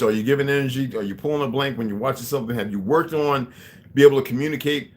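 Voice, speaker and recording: A man talking casually to his viewers, rambling with many restarts and asides. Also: medium pitch.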